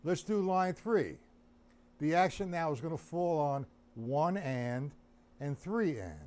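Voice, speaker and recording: A man's voice: fairly high pitch, lively intonation, slow. A man giving a drum lesson on a live stream, counting beats aloud and asking viewers by name whether they follow. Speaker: drum teacher. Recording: loud drumming behind the voice.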